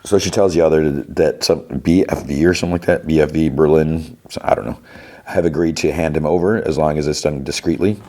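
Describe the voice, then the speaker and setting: A podcast host with a very deep, low voice rambles through a TV episode recap, retelling scenes haltingly. His delivery is casual and loose. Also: steady tone, mellow.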